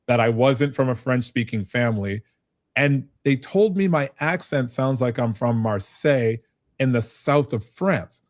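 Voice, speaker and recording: A middle-aged man from Canada, speaking at a middle pitch, talks as a guest in an interview. He tells his stories with animation and a self-mocking edge. His delivery is conversational and easy. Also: no room sound, clean studio sound. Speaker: guest, business advisor.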